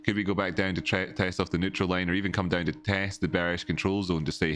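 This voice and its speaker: A man talks through market charts on a casual home livestream, and his voice sits very low. He rambles, restarts his words and breaks off to chat with his viewers. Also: little pitch movement, fast talker, a bit bright. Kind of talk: casual live-stream chart analysis.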